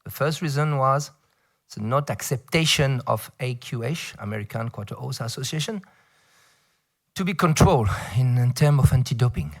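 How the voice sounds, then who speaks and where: A middle-aged man from France with a French accent, speaking English as a second language and giving a conference talk, halting, with many fillers and playful asides. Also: medium pitch, expressive. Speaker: federation director addressing a round table. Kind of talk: conference speech.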